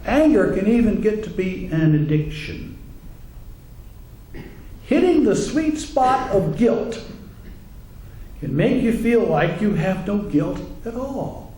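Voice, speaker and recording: A man's voice: high voice, sing-song, slow pace, pauses often, dark tone. A male minister giving a humorous sermon in a wry, conversational way, acting out the voices he quotes. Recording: echoey room, faint ambience.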